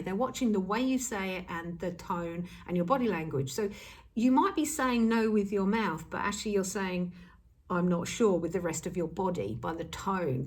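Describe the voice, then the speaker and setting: A woman speaking as a self-help coach in an earnest, emphatic motivational talk, repeating key words for stress. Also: medium pitch.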